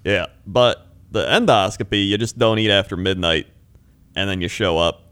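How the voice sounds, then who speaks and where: A man's voice: lowish voice, moderate pace, fairly bright tone, clean tone, dry recording. A young man in casual podcast chat, telling rambling stories and laughing often. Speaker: podcast co-host.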